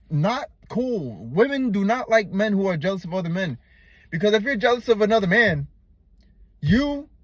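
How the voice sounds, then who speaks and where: Blunt, profane, higher-voiced male vlogger. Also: no room sound, muffled recording. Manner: blunt, profane, slangy, addresses viewer as "man" and "bro". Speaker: relationship advice vlogger. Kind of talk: unscripted advice monologue.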